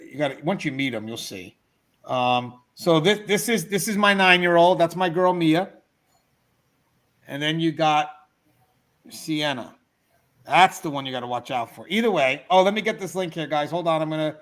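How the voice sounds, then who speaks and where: A middle-aged man hosting a livestreamed talk show, chatting casually and telling a story to his viewers in an animated way. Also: a little high. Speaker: podcast host. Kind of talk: casual storytelling to a live chat.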